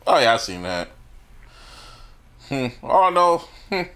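Lively bright-voiced podcast man. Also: mid-range voice, slow. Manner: laid-back, reacts with laughs and short replies. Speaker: podcast co-host. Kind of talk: casual sports chat.

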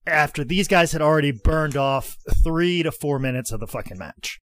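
A fired-up man with a slightly raised voice tells a long story in casual chat. He swears a lot, speeds up and slows down, and jumps in pitch as he gets worked up. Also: no echo. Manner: animated, profane, fired-up storyteller. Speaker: podcast co-host telling wrestling stories.

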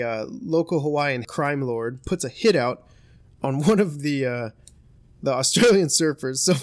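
A man's voice: on the high side, no room sound. A young man hosting a podcast, telling a story in casual, profane chat and laughing often. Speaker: podcast host.

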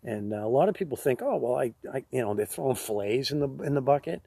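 A man tells rambling stories in a casual podcast chat. His voice is husky and sits at a middle pitch. He laughs his way through the tale, close to a dry-sounding mic. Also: animated, fast talker, dark tone, dry recording. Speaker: podcast co-host.

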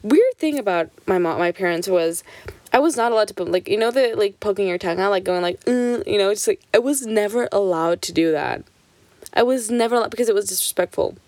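A woman's voice: mid-range voice, dry recording. A young woman telling childhood stories in a casual vlog, swearing freely and filling her sentences with "like". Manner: swears freely, heavy on "like" fillers; animated, jumps between quick and drawn-out phrases. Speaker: vlogger. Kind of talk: casual storytelling.

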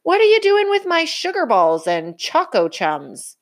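A woman's voice: a little high, huge pitch swings, moderate pace, dry recording, studio quality, pitched above the performer's own voice, full character voice. A woman reading aloud and voicing a fussy, indignant father bear from a storybook. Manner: indignant, fussing.

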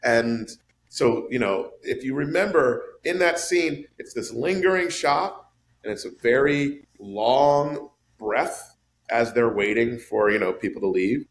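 Animated man talking film on a podcast. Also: measured pace. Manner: animated, swinging up high for emphasis. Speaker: podcast panelist discussing a film. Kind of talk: casual podcast chat.

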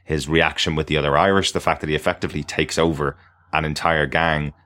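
Deep-voiced, enthusiastic male podcast co-host. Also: fairly even intonation, quick pace, pushed and bright, no room sound. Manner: chatty, enthusiastic, with many ums and uhs. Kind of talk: casual podcast chat.

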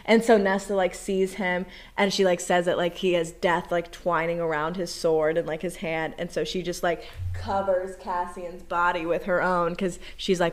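A young woman co-hosting a podcast, gushing as she retells book scenes in casual chat, swinging from hushed to loud, with lots of fillers. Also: fairly low pitch, little pitch movement, normal speed, few pauses. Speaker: podcast co-host.

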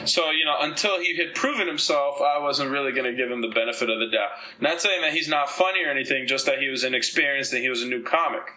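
A man from the Dominican Republic chats on his podcast in a bright, forward voice. He tells rambling, profane stories full of fillers, with plenty of animation. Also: mid-range voice, fast, few pauses, poor audio. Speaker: podcast host. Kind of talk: casual chat.

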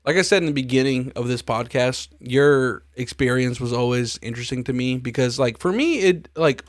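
A man's voice: medium pitch, moderate pace, no echo, studio quality. A young man hosting a podcast, chatting in a laid-back way, swearing freely and laughing often. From grew up in a Hispanic neighborhood in the United States. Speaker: podcast host. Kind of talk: casual podcast chat.

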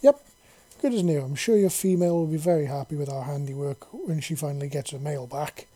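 Gentle, motherly alien doctors who coo and fuss over their patient, as a male narrator puts them on. The voice sits a little high, with a husky, mellow tone. It stays soft and soothing throughout the storybook reading. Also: brisk, natural voice. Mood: proud.

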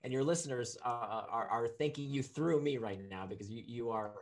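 A man, an author being interviewed on a podcast, talking with lots of laughter and quick restarts when he gets excited. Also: medium pitch. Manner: warm, laughs easily, repeats words when excited. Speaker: author guest.

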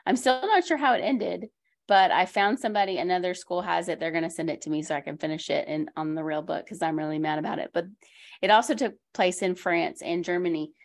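A woman with a fairly low voice talks quickly as she hosts a school library podcast. She chats casually about books, drifting into many asides and laughing easily.

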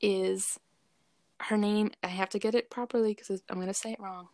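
Podcast co-host, woman, low gravelly voice, chatty and hesitant, dry close sound. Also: fairly even intonation, normal speed, darkish tone, no echo. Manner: chatty, hesitant with many fillers. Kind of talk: casual chat.

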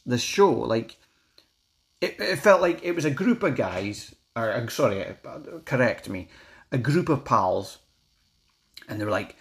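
A man's voice: medium pitch, moderate pace. A young Scottish man, a vlogger reviewing a comedy special in an angry, heavily sweary rant. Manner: angry, sweary, animated ranting. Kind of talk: ranting review.

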